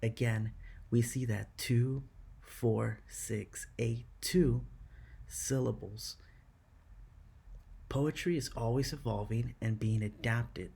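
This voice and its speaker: A man teaching students in a scripted lesson, explaining slowly and carefully. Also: mid-range voice, steady tone, creaky, mellow, slightly rough.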